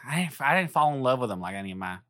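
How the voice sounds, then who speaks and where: A woman playing a tabletop role-play, playful and quick to laugh. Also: a bass voice, big pitch swings, a bit bright, no room sound, clean studio sound. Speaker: player.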